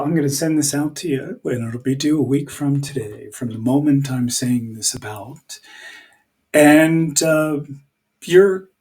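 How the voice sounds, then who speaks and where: A male teacher talks through a recorded lesson at an unhurried pace, pausing to hunt for words. He chants the rhythm of lines aloud as he goes. His voice sits a little back from the mic. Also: medium pitch, darkish tone, distant mic. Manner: thinking aloud, searching for words.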